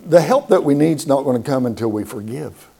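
A man's voice: mid-range voice, lively intonation, a little fast, gravelly, mellow, breathy edge. A man preaching a sermon, emphatic and repeating words for stress, asking the congregation questions.

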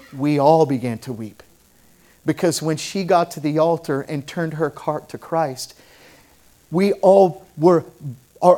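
A pastor preaching a sermon and telling stories, moving from hushed, low passages to loud, fervent ones. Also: male voice.

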